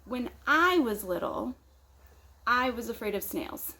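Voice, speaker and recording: A woman leading children's story time at church with expressive storytelling. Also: fairly high pitch, slow, rough recording.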